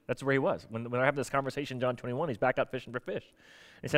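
A man preaching a conversational sermon as pastor, casual and animated, acting out bits of dialogue. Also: medium pitch, fast.

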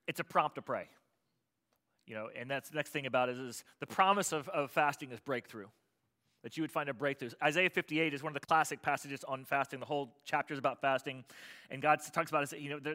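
A man preaching a sermon as pastor, swinging from loud, impassioned pleading to quiet explanation. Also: fairly high pitch.

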